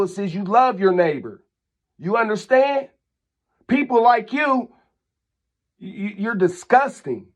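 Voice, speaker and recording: A man, his voice sitting fairly high, vents at length in a vlog rant. He scolds and repeats himself, heated and insistent as he talks straight to camera. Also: muffled recording. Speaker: channel host.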